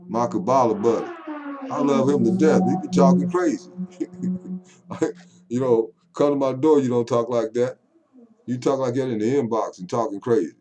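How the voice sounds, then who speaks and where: A man's voice: medium pitch, normal speed, mellow. An older man talking at home to camera in a rambling, folksy monologue that swings into call-and-response preaching. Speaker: poet vlogger.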